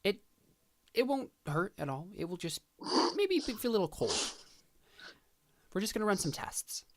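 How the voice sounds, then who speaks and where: A gentle, coaxing scientist father, reassuring his small daughter in a soft, lifted voice, as a man game master plays him. He speaks kindly, in a tabletop game's story. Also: a little high, expressive, moderate pace, dry recording, voice pushed up.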